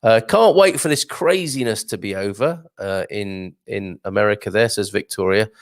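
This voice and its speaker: He speaks on the low side at normal speed, with no room sound and clean studio audio. It's a laid-back live-stream chat as the host meanders through viewer comments, joking and laughing.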